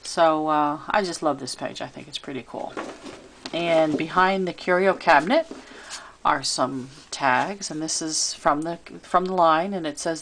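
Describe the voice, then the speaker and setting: A woman giving a chatty, relaxed show-and-tell of a handmade craft piece, filming it herself. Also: low voice, unhurried, slight background noise. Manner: chatty and relaxed, with fillers and little asides. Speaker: crafter showing her handmade album. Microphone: camera she handles while filming.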